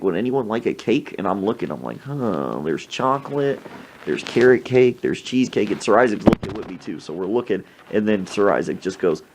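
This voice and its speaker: A man hosting a podcast, telling funny anecdotes in a casual, animated way and acting out the people in them. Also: lowish voice, background noise. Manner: animated anecdote telling with acted-out sneezes and voices. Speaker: podcast host. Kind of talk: casual storytelling.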